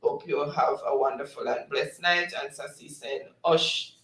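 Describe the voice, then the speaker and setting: A man's voice: fairly high pitch, fairly even intonation, unhurried, bright, forceful tone, roomy sound, far from the mic, low-quality recording. A man hosting a livestream, reading out viewers' comments in casual chat and laughing often. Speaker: livestream host.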